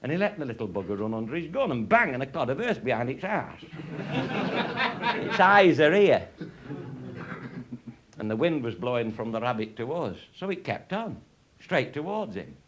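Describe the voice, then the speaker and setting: A raconteur with a mid-range voice tells comic anecdotes in a rambling, salty way, swearing constantly and laughing at his own jokes. He is very animated and speaks briskly.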